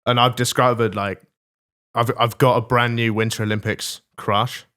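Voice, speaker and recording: A man's voice: mid-range voice, flat delivery, normal speed, bright, forceful tone, smooth. A man co-hosting a podcast, bragging and joking crudely in casual banter. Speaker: podcast co-host.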